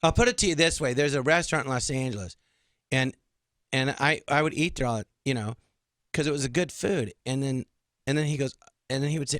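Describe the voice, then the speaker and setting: A comedian guesting on a radio studio show tells stories indignantly and ramblingly, acting out the exchanges he quotes. His mid-range voice is fairly quick and fairly bright, with no room sound.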